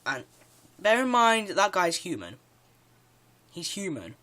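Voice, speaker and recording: A man's voice: sits high, huge pitch swings, slow pace, sharp tone. Eager man rambling through a countdown. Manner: rambling and eager, with frequent "yeah" and restarts. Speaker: video creator. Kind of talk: casual countdown commentary.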